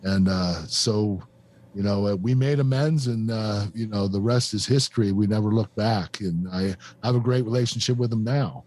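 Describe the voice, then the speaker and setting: A man in his fifties, a guest on a podcast, telling a painful personal story in a halting, emotional way with many fillers and restarts. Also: lowish voice, darkish tone. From United States. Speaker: guest, former pro wrestler.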